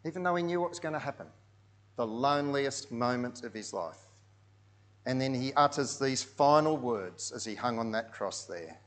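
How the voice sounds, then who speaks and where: A man delivers a sermon as a vivid story, walking listeners through pictures on screen. His voice sits at an ordinary middle pitch. He sinks to near-hushed tones for solemn moments and swells loud for the big ones. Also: animated, normal speed. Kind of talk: sermon narrated over pictures.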